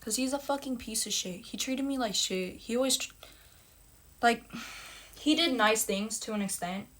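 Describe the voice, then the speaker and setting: A woman's voice: a little high, moderate pace, a bit bright. A young woman telling a personal story in a casual storytime monologue, blunt and emphatic, with heavy swearing and repeated phrases.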